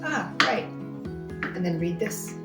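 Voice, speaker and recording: A woman's voice: on the low side, animated, slow, vocal fry, over music. A woman in her thirties, a homeschooling mother, patiently teaching her kids at home and chatting to the camera in between. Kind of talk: casual teaching and vlog commentary. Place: family home.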